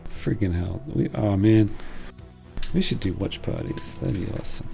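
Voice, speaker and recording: A man streaming and chatting casually, rambling and excitable, breaking into high squealing bits and laughter. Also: normal speed, gravelly, faint music behind.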